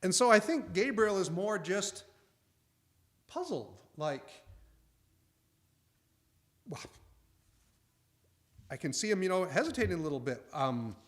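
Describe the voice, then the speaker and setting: A male preacher telling a Bible story in a relaxed, folksy way. His voice is fairly high for a man and swings up and down a lot as he plays out the characters' lines. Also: slow, pauses often. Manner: folksy, acts out the angel's lines. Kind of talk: conversational sermon.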